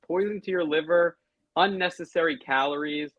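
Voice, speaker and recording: A woman's voice: low voice, moderate pace, no room sound, poor audio. A woman doctor speaking bluntly and matter-of-factly in a casual chat. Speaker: doctor guest.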